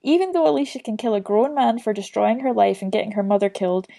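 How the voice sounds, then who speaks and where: A woman's voice: mid-range voice, quick pace, creaky, mellow. A woman co-hosting a casual podcast, reading a listener email aloud and chatting with frequent laughs. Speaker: podcast co-host.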